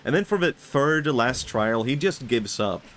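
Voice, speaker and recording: A man's voice: mid-range voice, animated, normal speed, fairly bright tone, slight background noise. A young man streaming, talking in a rambling, reflective way with many fillers and frequent laughs. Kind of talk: casual stream chat.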